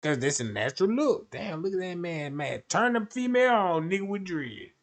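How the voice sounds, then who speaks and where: A man's voice: sits high, sing-song, normal speed. A man streaming a casual, rambling monologue, slangy and full of repeated fillers.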